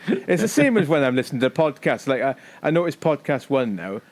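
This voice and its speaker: A man's voice: mid-range voice, very animated, brisk. A British man with a mid-range voice, co-hosting a podcast in loose, casual chat. He rambles and jokes, swearing freely as he goes. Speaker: podcast co-host.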